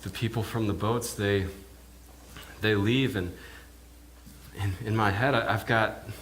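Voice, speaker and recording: Halting low-voiced minister in character. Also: male voice, fairly even intonation, fairly bright tone, slight background noise. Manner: halting, often repeats words as he goes. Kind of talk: first-person character monologue sermon. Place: church.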